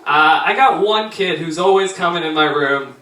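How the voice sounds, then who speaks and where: A man with a high-pitched voice, performing stand-up on a small theater stage. His delivery is punchy and teasing as he works the crowd. The sound is echoey and distant, with loud noise behind him. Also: moderate pace. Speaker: stand-up comedian. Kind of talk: stand-up comedy set with crowd work.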